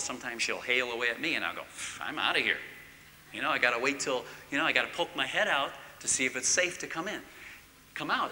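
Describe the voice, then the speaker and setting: A middle-aged man giving a church teaching talk, swinging from loud emphatic bursts to hushed near-whispers. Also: medium pitch, a little hiss or hum. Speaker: marriage course speaker. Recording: long reverb in a large hall.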